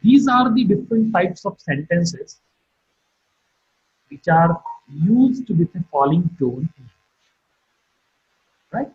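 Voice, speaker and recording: Husky lively-voiced lecturer. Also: male voice, sits high, slow pace, long pauses, lo-fi sound. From India. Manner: explanatory, repeats examples with stress. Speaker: university lecturer. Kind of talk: online phonetics lecture.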